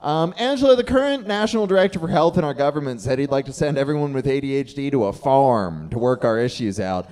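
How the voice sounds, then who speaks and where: A man's voice: medium pitch, quick pace, hardly any pauses, a little mellow. A man hosting a comedy show in a loose, casual way, full of fillers, who hypes up the crowd for his guests.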